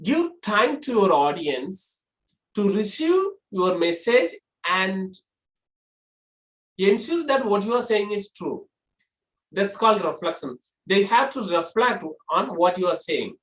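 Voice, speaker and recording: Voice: mid-range voice, sing-song, slow, a bit bright, echoey room, low-quality recording. A trainer giving a classroom lecture on public speaking. The trainer explains step by step and poses rhetorical questions, then answers them.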